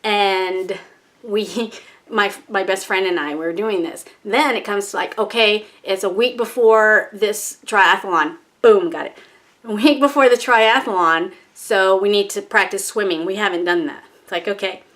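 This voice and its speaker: A woman's voice: medium pitch, unhurried, fairly bright tone. A woman vlogging in a casual, chatty way, telling a personal story, acting out her own panicky thoughts and laughing at herself.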